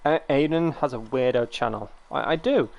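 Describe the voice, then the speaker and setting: A man's voice: medium pitch, moderate pace, creaky, darkish tone, lo-fi sound. A young man from the United Kingdom, chatting casually and rambling to his viewers while streaming a game. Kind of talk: casual live-stream chat.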